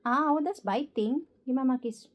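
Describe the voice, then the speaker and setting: High cooing Filipino woman. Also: moderate pace, low-quality recording. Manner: sing-song, cooing, playful. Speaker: vlogger talking to pet birds. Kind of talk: baby talk to pets.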